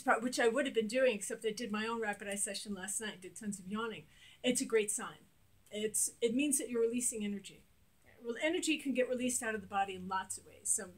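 A middle-aged woman with a slightly high voice leads a guided exercise, repeating affirmations slowly and giving gentle instructions. Between the exercises she explains in an easy, casual way as an energy healing teacher.

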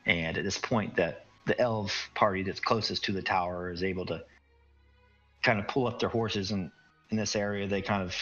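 A man's voice: low voice, pushed and bright, lo-fi sound. A man narrating as game master, with loose, casual narration and frequent hedges.

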